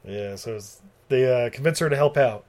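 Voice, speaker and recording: A man's voice: medium pitch, normal speed, darkish tone. A man co-hosting a podcast in casual chat, rambling and swearing with many fillers.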